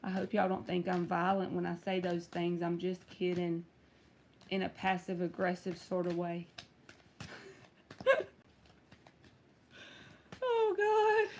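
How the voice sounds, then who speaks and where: A woman's voice: lowish voice, completely flat delivery, a little slow, long pauses, a little mellow, a little hiss or hum. A woman running a casual live-stream tarot reading, chatty and teasing as she talks to viewers by name.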